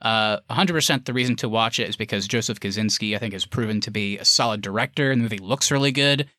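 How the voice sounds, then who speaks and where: A podcast co-host with a fairly low, bright, forceful voice talks fast while reviewing a movie in casual chat. He's chatty and wordy, full of fillers, and the studio recording is clean with no echo.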